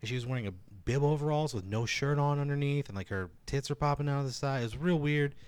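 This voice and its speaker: A man's voice: medium pitch, quick pace, clean tone. A man telling a rambling stand-up story in casual chat, full of fillers and swearing. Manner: animated, lots of fillers, swears. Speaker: stand-up comedian.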